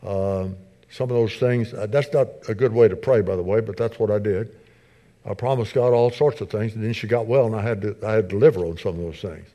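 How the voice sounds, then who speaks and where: A middle-aged man preaching a sermon as pastor, earnest, repeating his phrases and building in intensity, softer when he prays. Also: fairly low pitch, a little fast. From United States. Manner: soft, subdued when praying.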